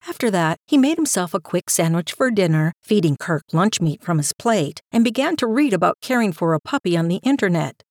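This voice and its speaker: Calm woman reading a story. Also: on the low side, normal speed, hardly any pauses, dry recording, clean studio sound. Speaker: narrator. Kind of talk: scripted story narration.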